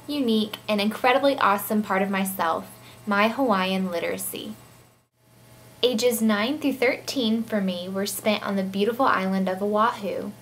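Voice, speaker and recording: A woman's voice: medium pitch, a bit bright, a little hiss or hum. A young woman presenting a personal class project in upbeat, earnest scripted narration. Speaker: student presenter.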